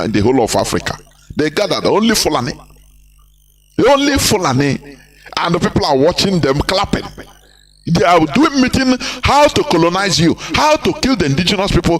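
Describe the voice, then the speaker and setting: A man giving an impassioned live broadcast, emphatic and repetitive, firing rhetorical questions at his listeners. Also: on the high side.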